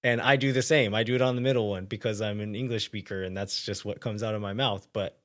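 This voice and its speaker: A man co-hosts a soccer podcast in casual, easygoing chat. His voice sits a little low. He thinks out loud, wandering into loose asides. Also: steady tone, fast.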